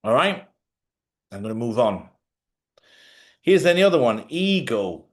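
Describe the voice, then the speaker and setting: With a mid-range, sing-song voice and a slightly slow delivery, this man hosts a live advice talk from his home in Spain. He tells his audience bluntly and forthrightly to let go of the past, never holding back a curse word.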